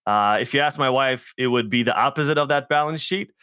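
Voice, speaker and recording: A man's voice: mid-range voice, brisk, bright, forceful tone, clean tone, dry recording, clean studio sound. A man with a New York accent hosting a podcast interview, chatty and rambling with lots of fillers. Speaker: podcast host.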